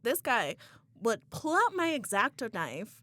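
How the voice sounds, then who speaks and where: A young woman co-hosting a casual podcast chat, animated, laughing often and saying "like" a lot. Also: a little high, slow pace, no room sound. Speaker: podcast co-host.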